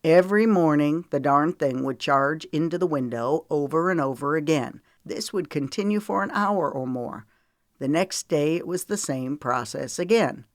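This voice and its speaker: A weary, protective man, as a woman narrator puts him on in an audiobook. He talks bluntly and earnestly in a low register. The recording is close and dry. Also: expressive, moderate pace, no echo. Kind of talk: audiobook character voice.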